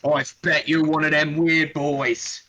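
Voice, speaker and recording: A man's voice: a little high, level tone, a little slow, sharp tone, dull audio. Man doing a brutish gloating orc warrior. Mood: menacing.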